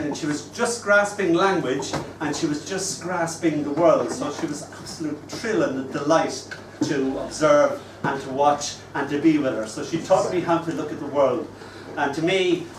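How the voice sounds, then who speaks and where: A man in his sixties hosting an open mic and reading his poems with wistful, gentle humour. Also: on the high side, moderate pace, background noise. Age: 60s. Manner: wistful, gently humorous storytelling. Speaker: poet and open mic host. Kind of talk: live poetry reading. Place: live open mic venue. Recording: roomy room, distant mic, faint ambience.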